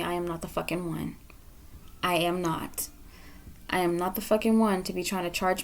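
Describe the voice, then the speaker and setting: A woman's voice: fairly low pitch, darkish tone. Blunt, profane tarot-reading woman. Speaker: tarot reader. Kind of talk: pick-a-card tarot reading.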